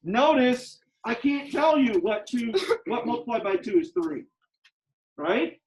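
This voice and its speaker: A man's voice: extremely high pitch, very animated, measured pace, rough recording. A male math teacher in a classroom who teaches emphatically, repeats key steps and teases his students with sarcasm.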